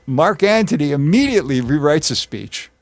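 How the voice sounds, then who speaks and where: Man, group discussion leader, animated storyteller who acts out quotes, somewhat high voice, dry close recording. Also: normal speed, no room sound. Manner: retells history with acted quotes.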